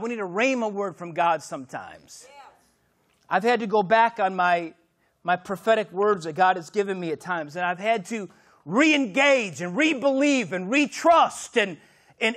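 A man preaching a sermon as pastor, swinging from shouted exclamations to hushed, intimate lines. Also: sits high.

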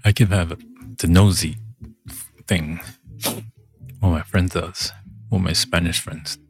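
A man's voice: low voice, steady tone, takes it slowly, vocal fry, soft background music. A man talking casually in a meandering monologue, breaking off and humming filler tunes. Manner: meandering, self-interrupting, hums filler tunes.

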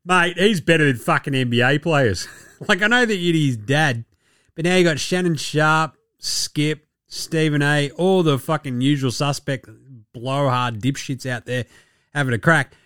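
An Australian man hosting a sports podcast, talking in a profane, joking, excitable way. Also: fairly high pitch, measured pace, no echo, studio quality. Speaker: podcast host. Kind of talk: casual sports commentary.

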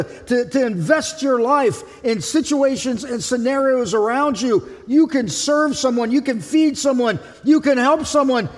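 A man's voice: extremely high pitch, big-room sound. A man preaching a sermon as pastor, emphatic, voicing the figures of the passage he reads.

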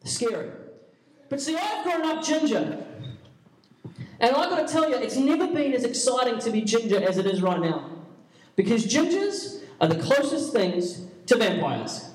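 A young man who works as a youth pastor tells playful, self-deprecating stories to a youth crowd. His voice sits very high. The sound is roomy and echoing, picked up from some distance away. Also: very animated, moderate pace. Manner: playful, self-mocking, jokey asides. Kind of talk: comic storytelling talk to a youth audience. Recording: echoey room, mic at a distance.

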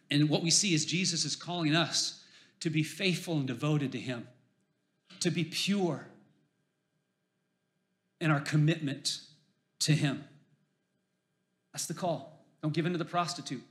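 A man preaching a sermon, animated, swinging from loud emphasis to hushed lines and telling jokey stories. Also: fairly high pitch. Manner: jokey storyteller. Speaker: pastor.

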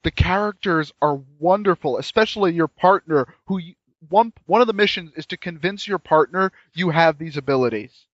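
A man's voice: fairly high pitch, moderate pace, no room sound. A man chatting casually and enthusiastically about a game, rambling with frequent restarts, on dull lo-fi audio. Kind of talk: casual chat reviewing a game.

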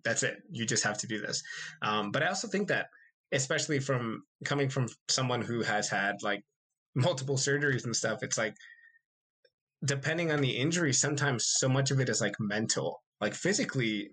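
A young man co-hosting a podcast, chatting casually and rambling with lots of fillers. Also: medium pitch. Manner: relaxed, rambling with frequent fillers and laughs. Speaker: podcast co-host. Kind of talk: casual chat.

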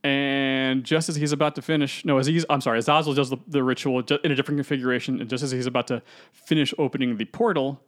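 Talking fast at a medium pitch, this man keeps his intonation fairly even. He co-hosts a laid-back podcast, wandering through a movie's storyline and performing each character himself.

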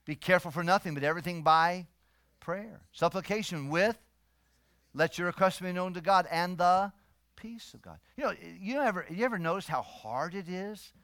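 A middle-aged male pastor preaching a sermon, swinging between soft, low asides and loud, emphatic stretches. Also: lively intonation, a little slow, no echo, clean studio sound.

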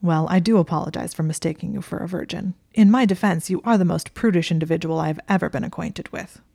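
A woman's voice: on the low side, fast talker, vocal fry, warm tone, husky, dry recording, clean studio sound. A woman reading the part of a sulky, sardonic young nobleman with a sarcastic, drawling delivery.

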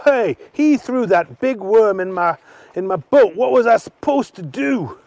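A man's voice: high voice, expressive, measured pace, darkish tone, no room sound, voice pushed up. A man voicing a determined young boy adventurer in a slightly raised, eager voice.

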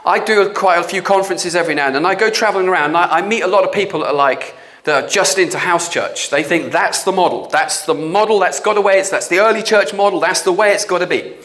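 A man preaching a sermon with a notably high voice. He speaks bluntly and with animation. He slips into quoted voices as he makes his points. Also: fast, fairly bright tone.

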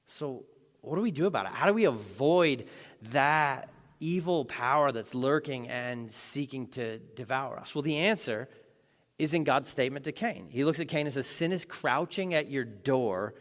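Male pastor, sermon, casual and joking with dramatic punches, bright forceful tone, big hall reverb. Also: medium pitch, lively intonation, normal speed. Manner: conversational and joking, dramatic emphasis.

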